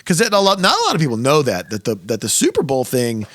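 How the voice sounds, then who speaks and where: Animated man hosting a podcast. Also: mid-range voice, no echo. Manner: animated, laughing, quick asides. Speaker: podcast host. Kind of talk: casual chat.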